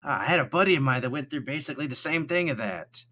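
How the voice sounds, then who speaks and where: A jumpy young pirate crewman and former street kid, as a man puts him on. His voice rises higher and brighter than a plain speaking voice. He stammers and drags out his words when he is unsure. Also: animated, fast talker. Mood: excited. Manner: stammering, easily flustered.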